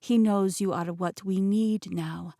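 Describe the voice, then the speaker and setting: A woman voicing a scheming, smooth-talking man with a Russian accent, speaking in a slow, patronizing way. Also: mid-range voice, fairly even intonation, warm tone, no room sound, clean studio sound. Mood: smug.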